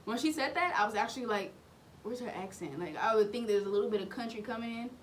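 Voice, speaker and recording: Southern gal reacting to a clip, laid back and rambly, lots of likes and ums, faint rumble behind. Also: female voice, very fast. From Oklahoma. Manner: easygoing, rambling with many fillers. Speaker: reaction video host. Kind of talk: casual reaction commentary.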